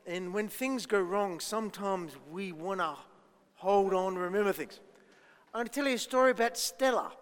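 A man's voice: high voice, moderate pace, clear, resonant tone, long reverb tail. A man giving a playful children's talk at church, asking the kids lots of questions. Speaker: children's minister.

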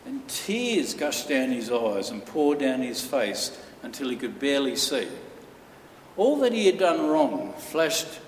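A man preaching a sermon, telling a story earnestly with dramatic pauses. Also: medium pitch, very animated, slight background noise. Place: church hall. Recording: echoey hall from far off.

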